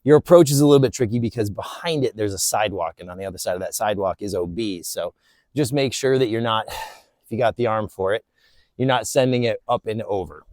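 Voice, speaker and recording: A man's voice: lowish voice, a little fast, no echo. Man walking a hilly park course. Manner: relaxed, explanatory, talking to himself between throws. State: out of breath. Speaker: disc golf vlogger. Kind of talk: casual course walkthrough commentary. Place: outdoor park course on hills. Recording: faint wind noise outdoors.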